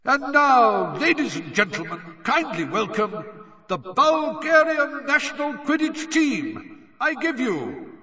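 A man voicing a showy male stadium announcer who calls out names loudly and draws them out. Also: extremely high pitch, sing-song, reverberant, long reverb tail, voice pushed up, heavily acted. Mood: announcing. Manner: loud, announcing, drawn-out names. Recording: dull lo-fi sound.

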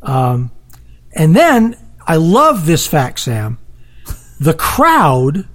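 Co-host in a casual bible chat, super animated, swoopy pitch. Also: drawn-out words. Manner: animated, acts out crowd voices. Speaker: podcast co-host.

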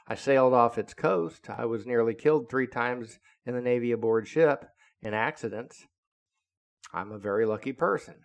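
A man in his seventies, a retired naval officer, telling a story in an indignant, deliberate, lecturing way. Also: medium pitch, vocal fry. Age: 70s. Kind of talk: casual storytelling monologue.

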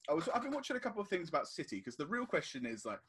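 A man's voice: a little high, fast, slightly rough. A man co-hosting a casual football podcast, telling stories and acting out what people said. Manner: animated storytelling, acts out quotes. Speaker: podcast co-host.

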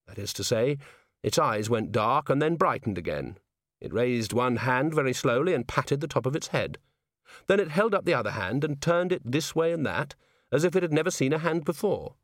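A male audiobook narrator telling the story in a measured, lively way, his pitch moving freely through the sentences. The sound is dry and close, with no room around it. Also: dry recording.

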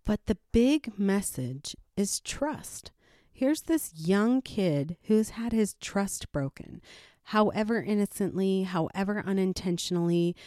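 A woman's voice: fairly low pitch, dark tone, dry recording, studio quality. A woman and adoptive parent chatting through a folktale retelling and her thoughts on it, laughing often. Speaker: adoptive parent sharing a story. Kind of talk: casual retelling and reflection.

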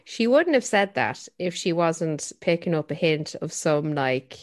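A woman hosting a casual interview, asking curious, probing questions. Her voice is on the low side for a woman. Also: lively intonation, a little slow, few pauses, smooth.

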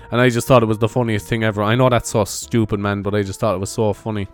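A man's voice: on the low side, little pitch movement, fast. Rambling man hosting a podcast. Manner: rambling, swearing, laughs at own jokes. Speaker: podcast host; comedian. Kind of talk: casual solo podcast chat. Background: faint music and church bells.

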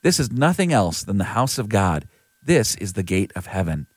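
A man's voice: lowish voice, big pitch swings, moderate pace, no room sound. A man reading the lines of Jacob, an earnest young traveler, in a lightly lifted voice.

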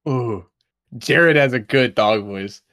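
A young man on a podcast with a medium-pitched voice and an easygoing, profane way of talking. He throws "dude" into nearly every line. The sound is dry and close. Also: slow, a bit bright, no room sound. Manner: easygoing, lots of "dude" and swearing. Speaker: podcast co-host. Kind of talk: casual chat.

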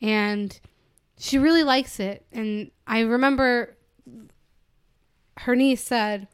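Woman with a smooth, clear voice. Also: a little high, slow pace, long pauses, dry recording, studio quality. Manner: opinionated, talks in long heated runs. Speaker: podcast co-host. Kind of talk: casual film-review chat.

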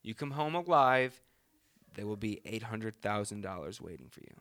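A young man hosting a casual podcast, trading jokes with his friends. His voice moves up and down a lot and stays animated, and his teasing comes across as dry. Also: fairly low pitch, normal speed, no echo. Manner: joking, animated. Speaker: podcast host. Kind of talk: casual chat.

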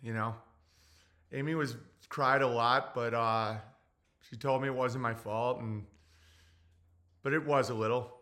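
A man in his forties, hosting a livestream, talking in a halting, emotional way, tearful, with many fillers and blunt profanity. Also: mid-range voice, fairly even intonation, a bit bright. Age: 40s. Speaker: livestream host. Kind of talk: casual livestream talk reading chat.

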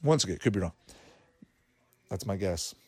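A man's voice: low-pitched, animated, moderate pace, darkish tone, breathy edge, no echo. A man chatting casually while watching a cartoon, laughing often and thinking aloud with fillers. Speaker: cartoon reaction commentator. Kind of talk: casual watch-along commentary.

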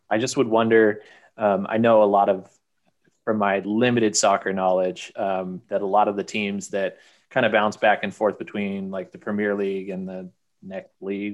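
A young man on a sports podcast, speaking hesitantly with many ums. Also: on the low side. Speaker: podcast co-host. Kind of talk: casual sports chat.

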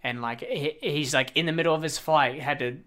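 A young man co-hosting a casual podcast chat, telling stories with lots of swearing and loud acted-out quotes. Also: fairly high pitch, fairly quick. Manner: animated storyteller, swears a lot, acts out quotes loudly. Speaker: podcast co-host.

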